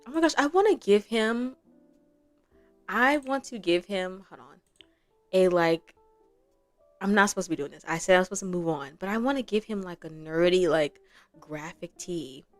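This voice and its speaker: A woman's voice: fairly low pitch, moderate pace, long pauses, faint music behind. A young woman giving casual gameplay commentary as a gaming creator, chatty and rambling, laughing often.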